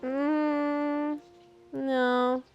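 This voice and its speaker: A woman's voice: high-pitched, very slow, dull audio, faint music behind. A woman streaming a video game, chatting casually and reacting expressively. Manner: chatty, expressive, easily moved. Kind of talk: casual live-stream chat while playing.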